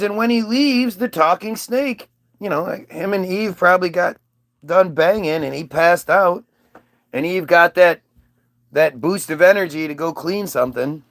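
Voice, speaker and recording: A man's voice: sits high, fairly bright tone, no room sound, studio quality. A male comedian telling a crude, rambling comic story with frequent restarts.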